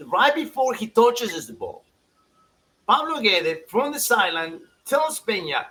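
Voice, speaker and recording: A man co-hosting a soccer show in a casual, animated chat, laughing often and restarting his sentences. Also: high-pitched, measured pace, low-quality recording.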